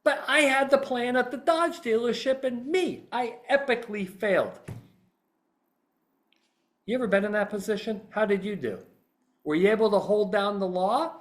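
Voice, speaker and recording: A man's voice: high voice, moderate pace. A middle-aged man, a trial consultant, telling a story in podcast talk and acting out how he would address jurors. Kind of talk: podcast talk acting out a voir dire example.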